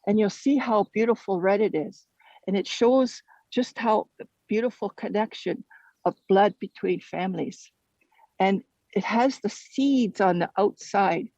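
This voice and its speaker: A storyteller sharing a traditional teaching story in a gentle, halting way, often repeating words. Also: mid-range voice, no room sound. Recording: dull lo-fi recording.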